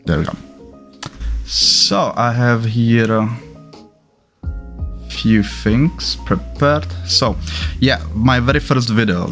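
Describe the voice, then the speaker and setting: A man from the Czech Republic hosting a casual livestream, chatty and halting, often stopping to correct himself. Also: on the low side. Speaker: livestream host.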